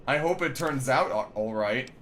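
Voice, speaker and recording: A man's voice: mid-range voice, animated, normal speed, a bit bright, a little hiss or hum. A man streaming a game, chatting casually with viewers and muttering to himself as he plays. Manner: chatty, answers chat, mutters to himself while playing. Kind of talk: casual gameplay commentary.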